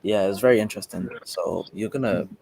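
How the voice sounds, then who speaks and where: A man on a football panel, talking through his opinions quickly. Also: deep voice, creaky, mellow, slight background noise, low-quality recording. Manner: rapid, opinionated. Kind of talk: casual football chat.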